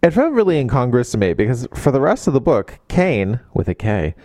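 A man's voice: medium pitch, sing-song, brisk, darkish tone, dry recording, studio quality. A man co-hosting a podcast, joining a casual book chat with wry quips and retellings of scenes. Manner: wry, chimes in with jokes and quips. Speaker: podcast co-host.

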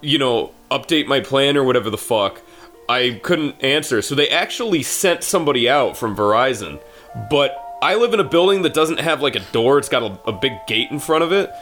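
A man's voice: mid-range voice, animated, fairly quick, a bit bright, soft background music. A male guest telling a casual comedic story in a rambling, profane way, full of fillers.

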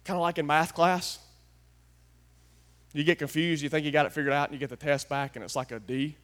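A man preaching a folksy sermon, swinging from hushed asides to loud, emphatic declarations. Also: fairly high pitch, steady tone, a little fast. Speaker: pastor.

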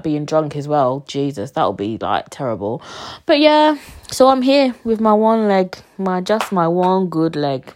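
A woman's voice: sits low, a little mellow. Downcast young woman venting. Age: 20s. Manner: rambling, swears freely, many fillers. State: sick, drowsy and upset. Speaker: podcast host. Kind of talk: casual solo podcast chat.

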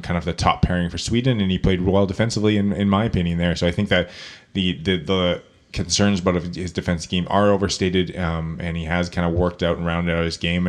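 A man on a podcast giving casual, rambling hockey prospect analysis with plenty of ums. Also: low voice. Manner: rambling, filler-heavy analysis.

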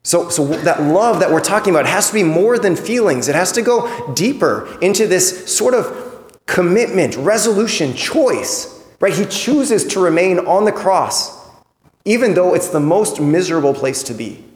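Man, fairly high voice, earnest conversational homily, long church reverb. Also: animated, normal speed. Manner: earnest, conversational, repeats words when restarting. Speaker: priest. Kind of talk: Sunday homily.

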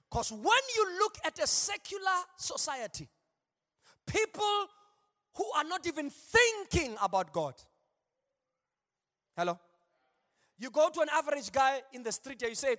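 A male pastor preaching an animated sermon in a large church, with call-and-response asides. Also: extremely high pitch, normal speed, long pauses. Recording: long hall reverb.

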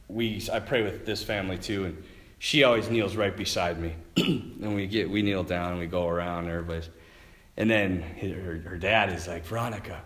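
A man who is a Catholic priest, giving a conversational homily full of stories, laughing often and swinging between loud and hushed. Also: low-pitched. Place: church. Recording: echoey church room.

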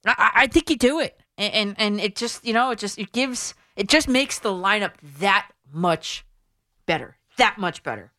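A woman's voice: mid-range voice, animated, moderate pace, bright, forceful tone, dry recording. Woman hosting sports talk radio, dry studio sound. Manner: opinionated, chatty, frequent restarts. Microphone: studio mic.

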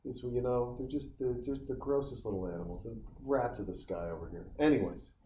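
A man's voice: mid-range voice, fairly quick, mellow. A man in his forties from Montana, telling stories in a casual, profane, wandering monologue outdoors. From Montana, USA. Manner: profane, tangent-prone storyteller. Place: outdoors on a summer vacation. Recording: roomy sound with faint ambience.

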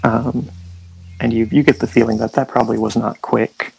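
A man narrating as game master of a tabletop war game, relaxed and halting. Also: mid-range voice, creaky, slightly rough, no room sound, faint music behind, poor audio.

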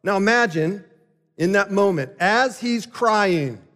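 A male pastor delivering a sermon, emphatic and swinging between loud and quiet passages. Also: sits high, animated, slow. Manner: emphatic, rising and falling delivery. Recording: long hall reverb.

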